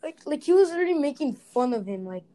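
Young woman on a podcast, lots of "like", kinda high, mellow tone. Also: sing-song, fast, poor audio. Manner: heavy filler words, blunt and heated. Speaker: podcast co-host. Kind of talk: casual chat.

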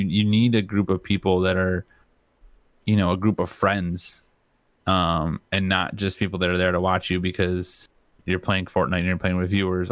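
Low-voiced laid-back male streamer. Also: no room sound. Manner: laid-back, blunt, swears casually. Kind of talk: casual chat.

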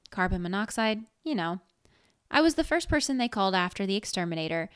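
A woman's voice: medium pitch, smooth, no echo. A woman narrating a first-person story in a wry, sarcastic, conversational way, recorded close to the mic.

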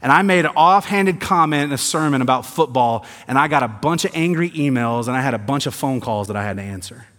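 Here a Southern American pastor preaches with animation, his mid-range voice moving fairly quickly with hardly any pauses. He alternates quiet emphasis with rising intensity and throws in sarcastic asides. A long hall reverb hangs on the sound.

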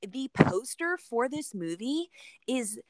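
A woman's voice: a little high, big pitch swings, takes it slowly, no room sound. A young woman hosting a casual podcast chat, talking animatedly with lots of filler words. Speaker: podcast host.

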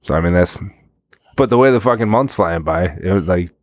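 A podcast co-host with a somewhat low voice, recorded dry and close. He teases his partner, laughs easily, and often leaves sentences half-finished. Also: lively intonation, a little fast, no room sound. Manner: laughs often, teasing, trails off mid-sentence. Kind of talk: casual chat.

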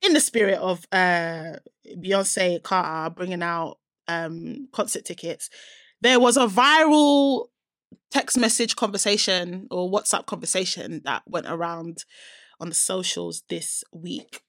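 Animated woman telling a story. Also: fairly low pitch, unhurried, no room sound, studio quality. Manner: animated storyteller, voices both sides of a quoted chat. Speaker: podcast co-host. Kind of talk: casual chat, reading out a text exchange.

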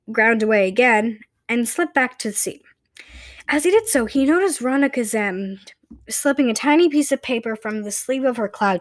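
A woman reads a children's novel aloud in a plain, unpolished way, now and then stumbling and restarting. Her voice sits somewhat high, and the recording is close and dry, with no room echo. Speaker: reader.

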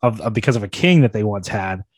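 A man's voice: on the low side, lively intonation, fast talker, husky, dry recording. A man co-hosting a casual podcast, rambling and self-deprecating, with many restarts. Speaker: podcast co-host.

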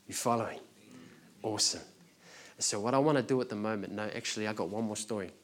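A man preaching a sermon, earnest and direct, moving between lively storytelling and soft, prayerful speech. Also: on the low side, fast, slight background noise. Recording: recorded sermon.

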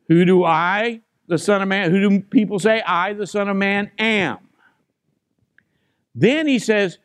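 High-voiced pastor preaching slowly. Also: male voice, no room sound, clean studio sound. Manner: emphatic, repeats key phrases, asks the congregation questions. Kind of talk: sermon.

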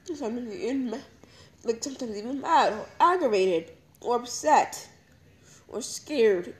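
A young woman crying as she talks through her feelings in a halting, repetitive confessional monologue. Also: a little high, lively intonation, low-quality recording. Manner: halting, emotional, repeats herself. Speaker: podcast host.

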